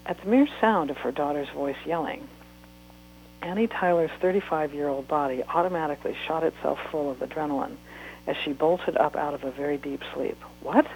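A woman author reading a chapter of her book aloud in steady, unhurried narration. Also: low voice, slight background noise, poor audio.

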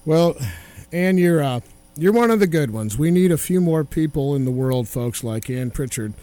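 High-voiced folksy man hosting radio. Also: animated, normal speed, mellow, no room sound. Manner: folksy, encouraging. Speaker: radio host. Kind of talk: radio interview.

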